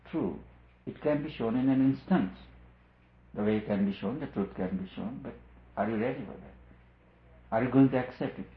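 A man's voice: medium pitch, normal speed, pauses often. A man giving a spiritual discourse as a teacher, earnest and repetitive, pressing his key points harder. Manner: earnest, repeats phrases for emphasis, rising on key points. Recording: tinny lo-fi with roomy echo.

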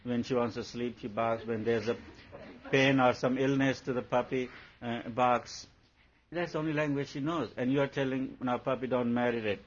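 A man's voice: medium pitch, steady tone, normal speed, breathy edge. A man giving a spiritual talk, asking probing rhetorical questions and telling playful anecdotes. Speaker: spiritual teacher. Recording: dull lo-fi recording.

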